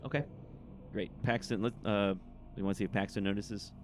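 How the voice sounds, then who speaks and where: A man running a tabletop game as game master, narrating scenes and calling for dice rolls in a relaxed way. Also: lowish voice, a little fast, slight background noise.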